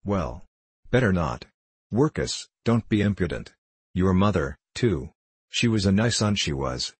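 A jeering, spiteful teenage charity boy, put on by a man. The voice sits low and husky, and the mockery comes through in a dry, close storybook reading. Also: big pitch swings, a little slow, dry recording, full character voice. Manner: mocking, taunting.

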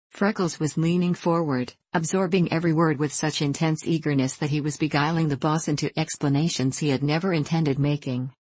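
Low-voiced woman reading a story. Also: steady tone, fairly quick, few pauses, a little mellow, husky, no room sound. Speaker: narrator. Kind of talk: audiobook narration.

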